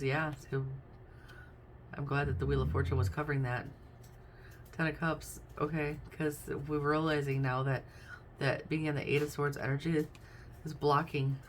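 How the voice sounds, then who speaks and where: A woman's voice: rumbling low, a bit bright, slight background noise. A woman doing a casual tarot reading, chatty and thinking aloud as she names each card. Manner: chatty, thinks aloud while naming cards. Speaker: tarot reader.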